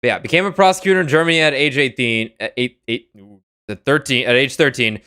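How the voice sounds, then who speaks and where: A man's voice: mid-range voice, fast, bright, forceful tone, clear, resonant tone. A young man streaming a courtroom game, chatting casually, joking and swearing with friends. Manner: rambling, joking, swears freely. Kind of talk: casual game let's-play commentary.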